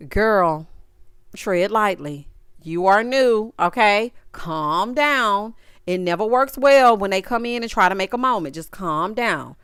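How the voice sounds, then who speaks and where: A woman's voice: mid-range voice, animated, slow pace, fairly bright tone, smooth, dry recording, studio quality. A woman hosting a casual reality TV recap, talking sassy and slangy with dramatic asides to her viewers.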